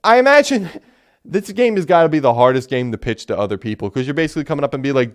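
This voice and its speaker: Guy rambling on his gaming podcast, smooth clear voice, medium pitch, lots of ums and restarts. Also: fast talker. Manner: rambling, animated, many fillers and restarts. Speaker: podcast host. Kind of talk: casual solo game talk.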